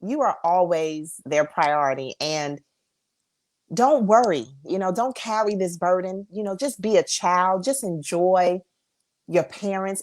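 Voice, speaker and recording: Female guest, somewhat low voice, earnest and emphatic, faith-driven delivery. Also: a little mellow. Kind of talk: interview answers.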